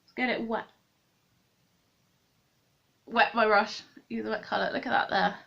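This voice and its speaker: A woman with a slightly high voice talks through her makeup as she works. She rambles and corrects herself mid-sentence in a loose, chatty way. The audio is a bit dull and lo-fi. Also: steady tone, a little slow, vocal fry. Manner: thinks aloud, rambling and self-correcting. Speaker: beauty vlogger.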